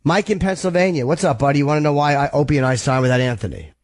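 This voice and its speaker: A man hosting a call-in radio show who gives blunt, frank, profane advice and keeps clearing his throat. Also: a little high, lively intonation, very fast, no room sound. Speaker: radio host.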